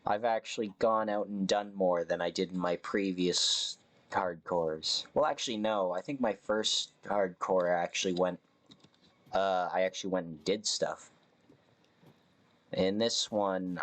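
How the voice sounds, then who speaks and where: A man's voice: deep voice, steady tone, measured pace. A man streaming a survival game, chatting casually and correcting himself as he rambles. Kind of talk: casual live game commentary.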